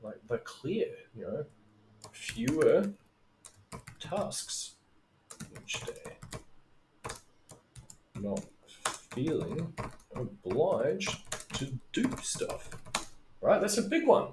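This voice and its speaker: A man's voice: a little high, wildly swooping pitch, drawn-out words, long pauses, background noise. A middle-aged man, teaching as a business coach in a casual, rambling way, with tangents and swearing. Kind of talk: casual talking-head video lesson. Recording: roomy echo.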